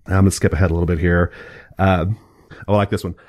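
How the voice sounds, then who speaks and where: Low-voiced, excitable male podcast host. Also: fast talker. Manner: excitable, profane, gushing with ironic enthusiasm. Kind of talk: casual podcast chat.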